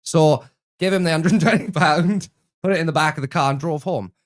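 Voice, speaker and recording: Young man, co-host, casual chat, relaxed storyteller. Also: fairly high pitch, a little fast. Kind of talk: casual live-stream chat.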